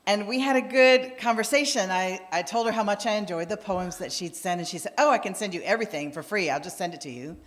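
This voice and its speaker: With barely a pause, a woman minister talks fast in a medium-pitched voice, giving a conversational, story-driven sermon in which she performs the voices of those she quotes. She's in a church sanctuary, and the recording has a church hall's long reverb.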